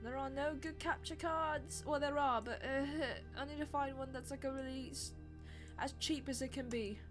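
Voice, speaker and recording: A woman's voice: sits high, steady tone, normal speed, music in the background. A young woman streaming live, chatting casually in a rambling, self-deprecating way.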